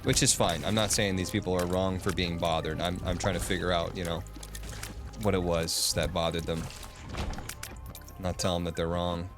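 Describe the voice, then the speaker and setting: A man with a fairly low voice talks casually as he plays, thinking out loud and replying to viewers. Game music plays clearly underneath his desk-mic commentary. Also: flat delivery, normal speed. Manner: chatty, thinks aloud and answers chat. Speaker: streamer. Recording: game music playing behind.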